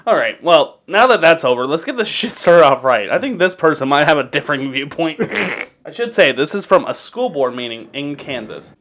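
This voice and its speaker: Male podcast co-host, raised pitch, lively swings, crude humor. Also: normal speed. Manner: crude, laughs often, animated. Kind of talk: crude casual banter.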